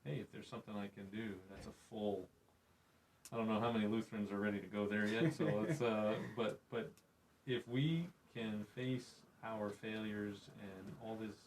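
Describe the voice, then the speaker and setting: Man, podcast host, low gravelly voice, reflective and preacherly, faint background noise. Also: normal speed, low-quality recording. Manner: reflective, preacherly, retells Bible scenes in quoted voices. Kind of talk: conversational faith podcast.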